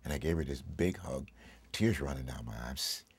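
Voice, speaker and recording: A man's voice: extremely low pitch, normal speed, husky, no echo. A middle-aged man, a pastor, giving a heartfelt personal testimony with emphatic, preacherly delivery that turns emotional and tearful.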